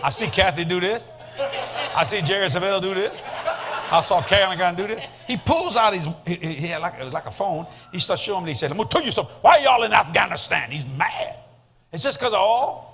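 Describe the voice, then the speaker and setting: A man with a South Louisiana accent, a guest preacher telling a comic story in an animated, folksy way. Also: high-pitched, a little fast, slight background noise. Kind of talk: sermon storytelling. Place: church service. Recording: slightly muffled recording.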